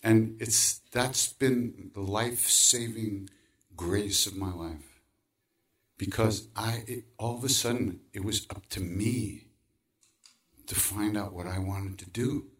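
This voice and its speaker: A man's voice: fairly low pitch, distant mic. A man telling a personal story in conversation, acting out quoted voices and laughing often. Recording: voice from away from the mic.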